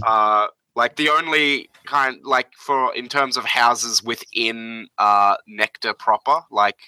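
Slow, bright-voiced man game master. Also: medium pitch, fairly even intonation, smooth, dry recording, rough recording. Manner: hesitant, many fillers. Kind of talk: narrating a tabletop game.

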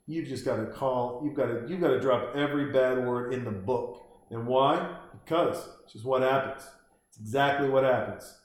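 A man's voice: medium pitch, normal speed. Beer-drinking guy riffing on a movie at home, rambly and cussing, super echoey room. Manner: rambling, profane, jokey, acts out quotes. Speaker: commentator reacting to a film. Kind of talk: casual reaction commentary.

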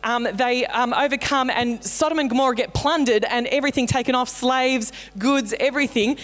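A woman's voice: sits high, moderate pace, a bit bright. Woman pastor preaching in a reverberant hall. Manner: conversational, playful storytelling. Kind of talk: sermon. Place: church auditorium. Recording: long hall reverb in a church.

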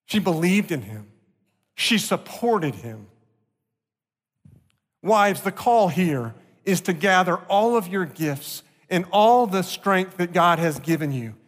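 A male pastor delivering an earnest sermon, slowing down to stress key points. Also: sits high, sing-song, a bit bright. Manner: earnest preaching, slowing for emphasis. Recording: long reverb of a large hall.

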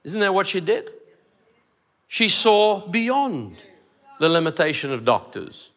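A man's voice: sits high, very animated, slow, fairly bright tone. A man preaching a sermon, emphatic, repeating phrases and acting out dialogue. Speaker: pastor.

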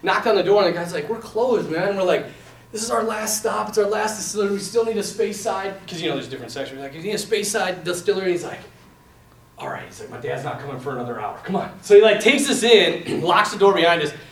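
A man telling a lively, self-mocking story to a crowd, acting out the voices of the people in it. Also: high voice, fast talker, slight background noise. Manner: animated, self-mocking, acts out quoted voices. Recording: echoey room from a distance.

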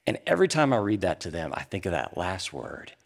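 A middle-aged man preaching a sermon, swinging between animated emphasis and hushed, quiet moments. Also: sits low, a little fast, gravelly. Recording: long hall reverb.

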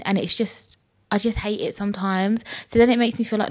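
A young woman telling stories casually on a podcast, animated and full of "like" and swearing. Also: normal speed. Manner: chatty, animated, frequent "like" and swearing; acts out quoted people in high squeaky voices. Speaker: podcast host. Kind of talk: casual storytelling chat.

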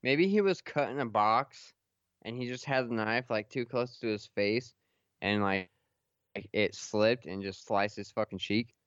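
A man's voice: fairly low pitch, unhurried, fairly bright tone, smooth, no echo, lo-fi sound. A young man hosting a casual podcast, swearing and laughing as he tells stories. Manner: profane, laughing storyteller. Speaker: podcast host.

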